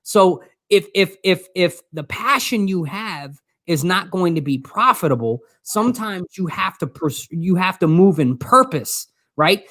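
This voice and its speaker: A man's voice: high-pitched, animated, measured pace, few pauses, fairly bright tone, no room sound, clean studio sound. A man co-hosting a casual motivational talk show, talking earnestly with many restarts and stumbles. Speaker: show co-host.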